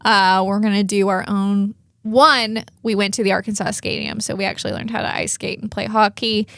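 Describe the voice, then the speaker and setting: A woman's voice: medium pitch, steady tone, normal speed, a bit bright, no room sound. A young woman co-hosting a morning TV show in a studio, chatting in an upbeat, filler-heavy way. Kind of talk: casual chat.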